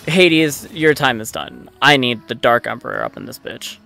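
A man giving live commentary on his own gameplay, excitable and frustrated, swearing often. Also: medium pitch, moderate pace, vocal fry. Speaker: let's play gamer. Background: faint game music.

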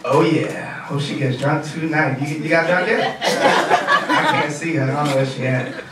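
A man's voice: fairly high pitch, unhurried, very noisy. A young man doing a loose, profane stand-up set on a comedy club stage. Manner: loose, profane, animated storytelling. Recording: echoey club heard from a distance. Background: laughing crowd.

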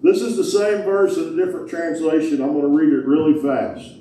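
A man's voice: on the high side, steady tone, fairly quick, few pauses, warm tone, a little hiss or hum. A man preaching a sermon as pastor, folksy and emphatic, asking the congregation rhetorical questions. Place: large church hall. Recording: echoey hall heard from a distance.

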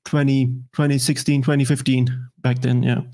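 A man with a German accent, a native German speaker, talking in English as an interview guest, halting with many fillers and restarts. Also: mid-range voice, level tone, dark tone. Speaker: guest political commentator. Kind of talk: casual interview chat.

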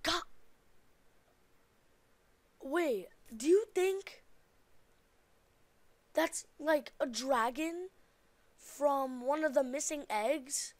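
A woman's voice: high-pitched, very slow, pauses often, no echo. A young woman hosting a gaming channel, chatting casually while she plays and shrieking at what happens on screen. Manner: excitable, gasping and shrieking at the game. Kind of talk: casual game commentary.

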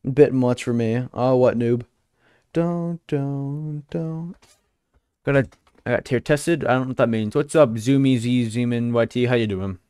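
A man's voice: mid-range voice, steady tone, a little fast, dark tone, smooth, dry recording, studio quality. A young man live-streaming a game, chatting casually and teasing his viewers in a joking way. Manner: joking, teasing chat banter.

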